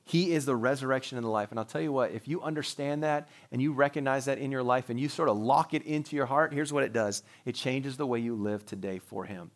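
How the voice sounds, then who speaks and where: A middle-aged man preaching a sermon as pastor, animated and joking, with chatty asides to the congregation. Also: mid-range voice, quick pace, few pauses.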